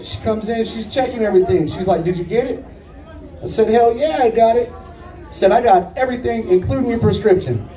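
A man in his late thirties doing stand-up, with a high but mellow voice and a loose, cursing, rambling way of telling stories. He sounds distant from the microphone, in an echoey room. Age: 30s. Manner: profane, rambling conversational delivery. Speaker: stand-up comedian. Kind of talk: stand-up storytelling set. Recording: echoey room picked up from far off.

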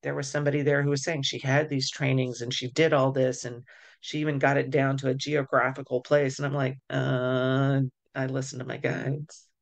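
A woman's voice: extremely low pitch, little pitch movement, fairly quick. A woman co-hosting a casual podcast chat as an energy healer, thinking aloud with frequent restarts.

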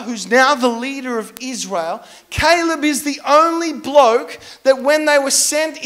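A young man preaching a sermon as a lively, self-mocking storyteller. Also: extremely high pitch. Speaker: pastor.

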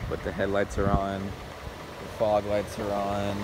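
A man talking casually and excitedly to the camera in a DIY vlog while working on his truck outdoors, often saying "dude" and "bro". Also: fairly low pitch, takes it slowly, very noisy. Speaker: DIY car vlogger.

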